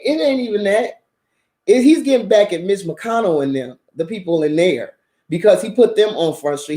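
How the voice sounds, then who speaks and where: A woman's voice: fairly low pitch, echoey room. A woman hosting her channel, telling stories in a casual monologue, swearing freely and laughing often. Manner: profane, animated storytelling with frequent laughter. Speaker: channel host.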